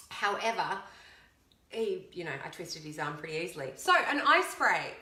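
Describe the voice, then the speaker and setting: Bright chatty woman, echoey room. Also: fairly low pitch, animated, normal speed. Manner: chatty, upbeat, counting aloud. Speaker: fitness coach. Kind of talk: casual video chat.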